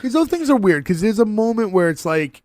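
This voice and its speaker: Podcast co-host, man, casual and animated, retelling scenes. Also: high voice, a little fast, dry recording, studio quality. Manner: animated, lively retelling with many fillers. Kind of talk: casual chat recapping a TV episode.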